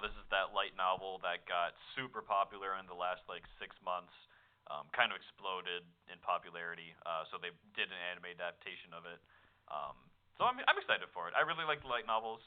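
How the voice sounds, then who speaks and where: A man's voice: sits low, fairly quick, smooth. A man co-hosting a podcast in a casual, joking chat. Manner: animated, joking, puts on voices when retelling scenes. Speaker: podcast co-host. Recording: tinny phone-like audio.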